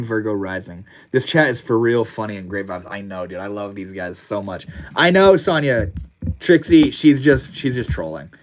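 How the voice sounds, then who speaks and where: A man hosting a casual livestream, reading viewer comments aloud in a laid-back, slangy way. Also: on the low side. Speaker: livestream host.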